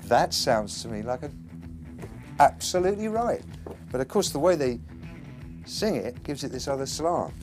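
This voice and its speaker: Amused musician musing aloud. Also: male voice, medium pitch, sing-song, normal speed, long pauses, music in the background. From England. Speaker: musician and producer. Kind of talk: interview commentary.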